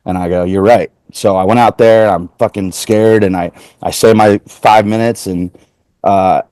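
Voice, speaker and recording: Male comedian guest from Portland, lowish voice, dry close sound, rambling storyteller acting out quotes. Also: fairly even intonation, normal speed, darkish tone, smooth, no room sound. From Portland, Oregon. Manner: chatty, heavy use of "like", retells exchanges in quoted voices. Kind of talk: casual interview storytelling.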